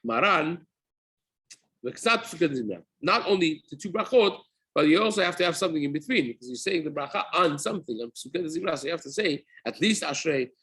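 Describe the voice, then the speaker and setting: In a daily halacha lesson, a rabbi speaks at a moderate pace in a slightly high, expressive voice that's a bit bright and husky. He explains each step of this spoken Torah class, often repeating and rephrasing, with Hebrew terms woven into his English.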